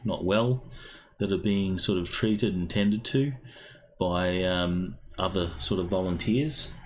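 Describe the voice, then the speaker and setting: A man narrating a tabletop role-playing game as game master, halting with many pauses and fillers. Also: sits low, rough recording.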